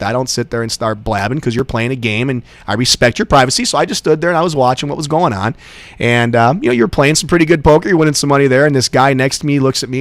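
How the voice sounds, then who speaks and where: A man's voice: mid-range voice, no room sound. A man hosting a radio show, chatty and enthusiastic, telling stories to his guest. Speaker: radio host. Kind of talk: casual radio interview.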